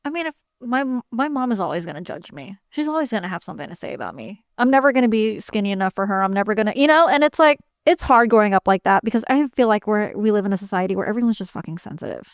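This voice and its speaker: A middle-aged woman and mother co-hosting a podcast, talking bluntly and frankly in animated, storytelling chat. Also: medium pitch, fast talker, few pauses, no echo, clean studio sound. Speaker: podcast co-host. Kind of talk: casual chat.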